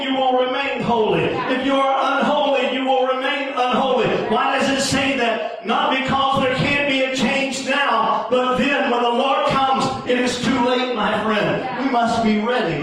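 A man preaching a sermon as pastor, in a sing-song cadence that rises into shouts. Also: very high-pitched. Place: church sanctuary. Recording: echoey church hall from far off.

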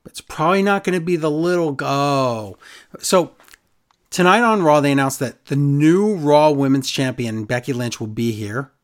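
A man's voice: a little high, normal speed. A man co-hosting a casual wrestling recap chat, sarcastic and exasperated. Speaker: podcast co-host.

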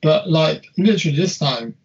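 Husky young guy rambling about a movie, swears a lot, slightly high voice, muffled lo-fi sound. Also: lively intonation, normal speed. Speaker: podcast co-host. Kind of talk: casual film chat.

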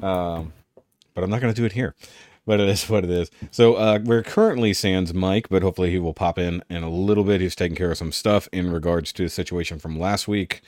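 A man's voice: sits low, fairly quick, darkish tone, no room sound, studio quality. A man hosting a casual podcast chat while drinking, rambling and laid-back. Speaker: host.

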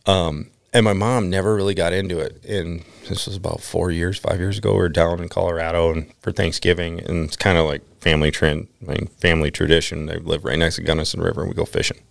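A man's voice: deep voice, flat delivery, fast talker, creaky, hardly any pauses, dry recording. A man from Minnesota, a podcast guest, telling rambling stories in casual chat, laughing often and leaning on "I mean" and "like". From Minnesota, USA.

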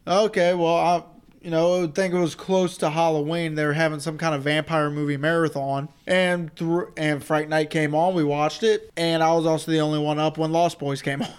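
A man's voice: fairly high pitch, steady tone, a little fast, smooth. A man in his twenties co-hosting a movie podcast, blunt, profane and jokey in casual chat. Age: 20s. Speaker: podcast co-host.

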